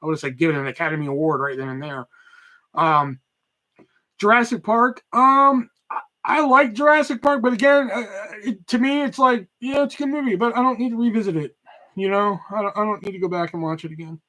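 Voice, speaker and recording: Bright-voiced man ranting with profanity. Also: high voice, fairly quick. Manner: loud animated ranting, heavy swearing. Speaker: podcast host. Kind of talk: casual profane rant.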